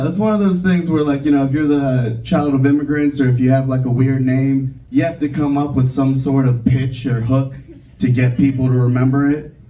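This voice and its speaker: A man's voice: medium pitch, warm tone. A young adult man performing a stand-up comedy set in a comedy club, talking casually and mocking himself, with lots of fillers. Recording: distant room recording of a live set.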